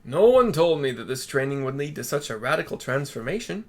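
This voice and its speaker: A man's voice: medium pitch, sing-song, a little fast. A man voicing a flustered young man turned into a giant tortoise, panicking and exasperated. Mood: panicked.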